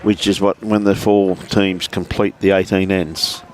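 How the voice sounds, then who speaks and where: A man's voice: deep voice, little pitch movement, a little slow, a little hiss or hum. A man doing live commentary on a lawn bowls match, chatty and friendly with viewers, dropping "mate" into most lines. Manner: chatty, greets viewers by name, says "mate" often. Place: outdoors at a bowls club.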